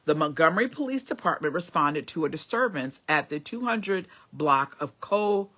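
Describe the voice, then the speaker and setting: A woman's voice: deep voice, expressive, moderate pace, a bit bright, husky. A woman vlogging to camera, talking earnestly about faith and prayer, rambling with many fillers. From Cincinnati area, USA. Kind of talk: casual motivational talk.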